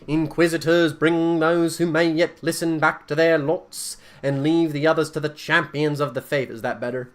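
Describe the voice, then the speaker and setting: A man's voice: on the high side, flat delivery, normal speed, few pauses. A man narrating a text game aloud with a friend, reading evenly between jokes.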